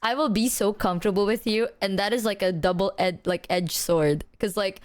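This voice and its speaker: A woman's voice: mid-range voice, normal speed. A young woman streamer in casual chat, rambling, swearing a lot and often breaking into laughter.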